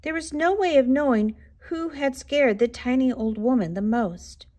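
A woman reading a children's picture book aloud with expressive, unhurried storytelling. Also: high voice. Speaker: storybook reader.

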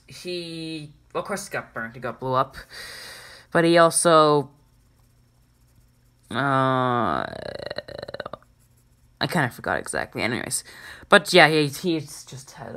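A woman's voice: a bass voice, very animated, unhurried, long pauses, a bit bright. A woman hosting a drawing channel, giving a casual, chatty and self-deprecating drawing tutorial.

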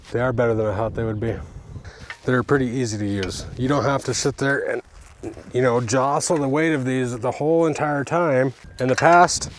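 Energetic man talking while digging outdoors. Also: medium pitch, slight background noise. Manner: energetic, exclaiming, breathing hard while digging. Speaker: fence installer testing tools. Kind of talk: casual product test while working. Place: outdoors on hard clay ground.

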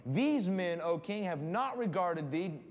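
A man preaching as a guest pastor in a church, reading scripture aloud and telling animated stories. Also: high-pitched, unhurried. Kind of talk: sermon. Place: church sanctuary. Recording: long hall reverb, faint room noise.

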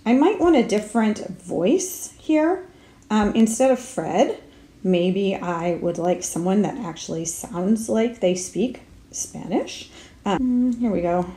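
A woman walks through an app tutorial step by step, narrating her own clicks as she goes. Her voice is mellow and soft at the edges. The sound carries the echo of a bare room. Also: mid-range voice, animated, slow. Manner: talks herself through each step, with fillers. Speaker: speech therapist. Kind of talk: screen-recorded app tutorial.

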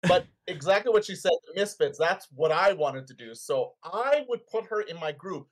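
Lively, slightly high-voiced man. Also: normal speed, low-quality recording. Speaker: panel guest. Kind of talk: casual panel chat.

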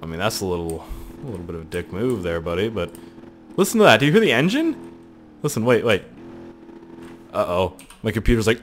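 A man hosting casual video game commentary, rambling, swearing and excitable. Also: lowish voice, fairly quick, a little hiss or hum. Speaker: host.

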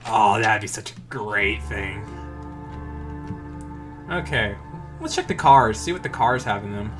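A man's voice: fairly low pitch, expressive, unhurried, pauses often, a bit bright. Guy rambling over a horror game, jokey, talks to himself, music faint behind. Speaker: gamer. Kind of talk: let's play commentary.

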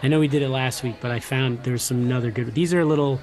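A man's voice: medium pitch, quick pace. A man co-hosting a podcast in a casual chat, telling stories with energy and reading listener letters aloud. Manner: animated, jokey storyteller who reads out listener letters. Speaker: podcast co-host.

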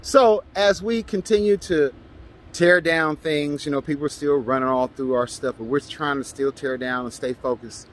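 A man vlogging, telling a personal story in a casual, animated way and acting out the shouts he traded with others. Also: a little high, normal speed, a little hiss or hum. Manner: animated, acts out his own shouts and quotes.

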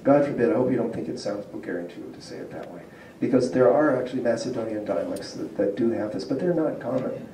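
A university linguistics lecturer with a very mellow, dark, medium-pitched voice gives a chatty public lecture to a community audience, heard from afar in an echoey hall with a little hiss or hum. He's animated and fast, barely pausing, and he explains, asks the audience questions, and chuckles often.

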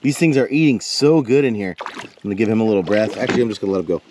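A man hosting an outdoor fishing vlog from a boat on a lake, explaining casting tips and getting excited over his catches. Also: on the low side, rapid-fire, noisy background. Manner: excitable, whoops and shouts when fish jump.

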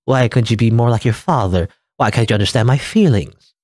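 A man's voice: mid-range voice, brisk, a little mellow, no room sound, studio quality, natural voice. A man voicing a hysterical, abusive middle-aged mother who scolds shrilly and begs through tears in a game. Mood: pleading.

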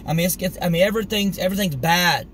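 Middle-aged man, street preacher, earnest casual sermon, slightly high voice, faint traffic noise behind. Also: quick pace, low-quality recording. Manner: earnest, conversational, animated when retelling the story. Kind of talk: informal scripture teaching.

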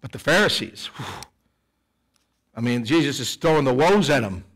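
A middle-aged man preaching a sermon in church, animated, swinging between loud emphasis and quiet asides. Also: on the high side, normal speed. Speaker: pastor. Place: church sanctuary.

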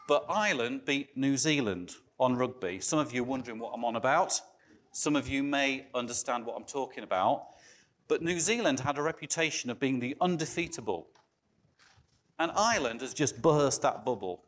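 Middle-aged guy giving a sermon in a church hall, chatty, keeps asking the congregation questions. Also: medium pitch. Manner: conversational, asks the congregation questions. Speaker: preacher.

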